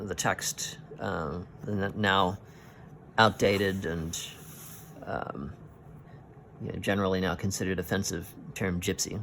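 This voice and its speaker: A man's voice: fairly low pitch, steady tone, a little slow, a bit bright, a little hiss or hum. A man hosting a casual comic read-through, musing and hesitant as he comments. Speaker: podcast host reading comics.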